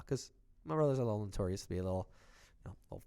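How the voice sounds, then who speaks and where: Man, podcast co-host, animated storyteller, swears a lot, voices the people in his story. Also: mid-range voice, rapid-fire. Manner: animated, heated storytelling with swearing and acted-out quotes. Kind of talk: casual storytelling chat.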